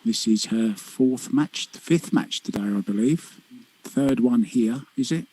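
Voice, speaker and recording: Husky-voiced male pool co-commentator. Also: medium pitch, takes it slowly, low-quality recording. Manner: relaxed, joking, short reactive remarks on play. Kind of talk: live sports commentary.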